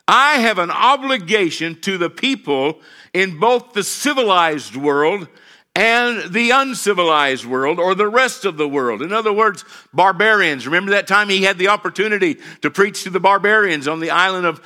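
A man's voice: high-pitched, pushed and bright. A middle-aged man, a pastor, preaching a sermon with emphatic repeated phrases and call-and-response with his congregation.

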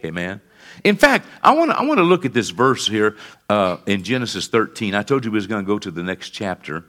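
A male pastor preaching a sermon, calling out to the congregation for responses and swinging between fervent peaks and quiet lows. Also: big pitch swings, fairly quick. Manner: rises to fervent emphatic peaks, then drops low and quiet.

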